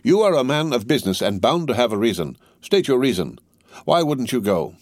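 A man voicing a pompous, blustering barrister who talks in a loud, indignant, hectoring way. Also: medium pitch, big pitch swings, moderate pace, no room sound, clean studio sound, voice pushed up. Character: blustering, pompous male barrister, self-assured.

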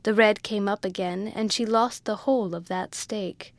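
A woman's voice: medium pitch, fairly even intonation, normal speed, no room sound. Woman reading a classic novel aloud. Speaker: audiobook reader. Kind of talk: scripted narration.

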